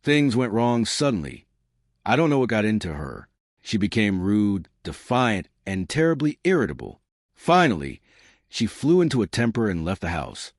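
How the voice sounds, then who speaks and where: A worried middle-aged wife pleads her case, read by a man. The voice sits low but swings widely in pitch. She sounds earnest, close and dry. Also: very animated, normal speed, no room sound. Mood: anxious. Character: frightened middle-aged wife, anxious, indignant. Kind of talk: audiobook reading.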